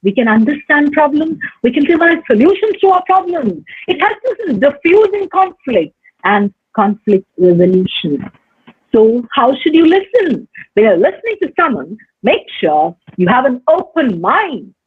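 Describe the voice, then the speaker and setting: A woman teacher educator giving a recorded lecture on life skills, speaking in a measured way with deliberate pauses and stressed words. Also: high voice, big pitch swings, no room sound. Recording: dry, phone-like narrow sound.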